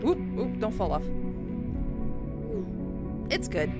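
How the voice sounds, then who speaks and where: Excitable woman gushing over a game. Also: medium pitch, slow pace. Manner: excitable, gushing, thinks out loud. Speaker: let's play gamer. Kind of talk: let's-play commentary. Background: game background music.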